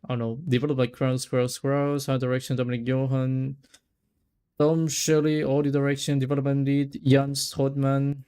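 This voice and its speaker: Male streamer, mellow tone, rambling casual chat, trips over names. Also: medium pitch, level tone, normal speed, clear, resonant tone. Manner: rambling, stumbles over names, laughs often. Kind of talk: casual let's-play chat.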